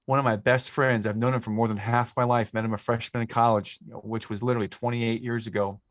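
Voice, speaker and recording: A man's voice: medium pitch, flat delivery, quick pace, dry recording, clean studio sound. A man in his forties, a podcast guest talking casually into a podcast microphone, rambling and emotional as he tells stories. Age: 40s. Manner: talkative, emotional, rambling storyteller. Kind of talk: casual conversation.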